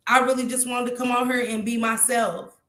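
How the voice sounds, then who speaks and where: A woman's voice: on the high side, fairly even intonation, brisk, pushed and bright, echoey room. A tearful woman, talking heartfelt and repetitive to her viewers on a live stream.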